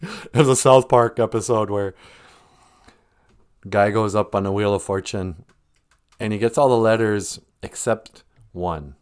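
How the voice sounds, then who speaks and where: A man's voice: on the low side, unhurried, pauses often, clean tone. A man hosting a podcast in a casual comedic monologue, rambling and laughing often between jokes. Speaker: podcast host.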